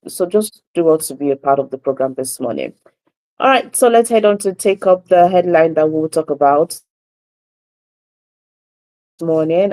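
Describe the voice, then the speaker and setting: Halting Nigerian radio host. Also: medium pitch, mellow, low-quality recording. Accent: Nigerian English. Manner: halting reading with many fillers and self-corrections. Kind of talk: morning radio newspaper review.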